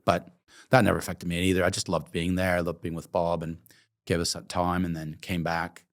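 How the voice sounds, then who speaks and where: Middle-aged man with a deep voice, relaxed interview guest who tells stories and plays out every line of dialogue himself. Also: a little fast. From Oregon, USA. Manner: vivid anecdotes, acts out dialogue, casual swearing. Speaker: interview guest, coffee entrepreneur. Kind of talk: conversational storytelling.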